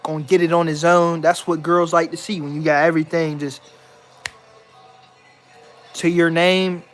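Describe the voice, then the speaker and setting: High-voiced young man venting, rambling and cussing. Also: level tone, moderate pace, soft background music. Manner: rambling, repeats himself, swears, mock-confident. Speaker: vlogger. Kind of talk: casual venting monologue to camera.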